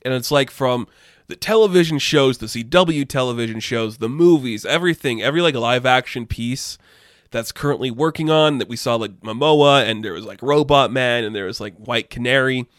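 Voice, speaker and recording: A man's voice: medium pitch, normal speed, fairly bright tone, no room sound, studio quality. A man giving casual, opinionated comic book news commentary, rambling a little and laughing often. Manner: rambling asides. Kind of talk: casual pop-culture commentary.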